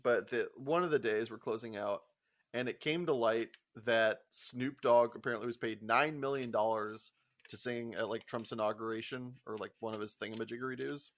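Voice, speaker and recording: A man's voice: mid-range voice, moderate pace. A young man co-hosting a casual podcast, with a voice that sits in the middle range. He tells stories from work in a loose, profane way, breaking into laughter and acting out what others said. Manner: profane animated storyteller, laughs often, acts out quotes. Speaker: podcast co-host. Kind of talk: casual chat.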